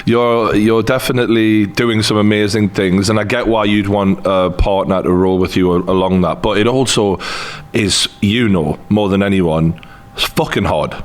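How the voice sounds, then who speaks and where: A man's voice: on the low side, steady tone, normal speed. A man with a Geordie accent hosting a podcast, asking blunt, teasing questions in casual chat. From Northeast England. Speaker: podcast host.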